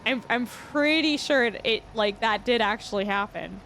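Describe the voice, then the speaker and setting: A woman's voice: on the high side, moderate pace, a bit bright, a little hiss or hum. A woman streaming a farming game, chatting casually and reading chat aloud. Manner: chatty, reads chat aloud, laughs often. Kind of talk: casual livestream chat while gaming.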